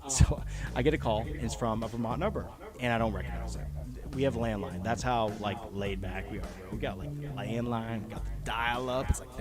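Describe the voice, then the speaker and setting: A man hosting a casual live chat, telling stories in an animated way and swearing freely. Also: fairly low pitch. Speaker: show host.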